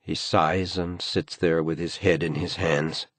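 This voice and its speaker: A man narrating an audiobook thriller, with an expressive storytelling delivery. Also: extremely low pitch, a little slow, few pauses, no echo. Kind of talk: scripted narration.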